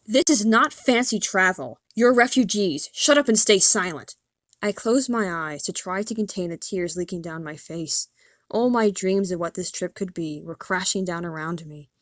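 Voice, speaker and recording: Woman, audiobook narrator, earnest expressive first-person reading, mid pitch, dry close sound. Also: no room sound. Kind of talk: scripted narration.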